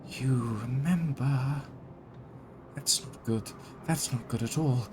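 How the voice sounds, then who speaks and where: A man's voice: mid-range voice, slow, noisy background, pitched above the performer's own voice, close to an everyday voice. A man doing a tiny frightened spirit girl. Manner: panicked, breathy and pleading. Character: tiny frightened female spirit whispering in a library.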